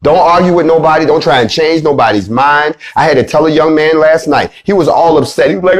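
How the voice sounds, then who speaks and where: A man delivers a charged monologue in a somewhat high voice. He swears freely and preaches, dropping from heated bursts into low, grave passages. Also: fairly quick, few pauses. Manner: profane, preacherly, swings from loud to low and grave. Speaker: movement leader giving a speech. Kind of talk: fiery monologue.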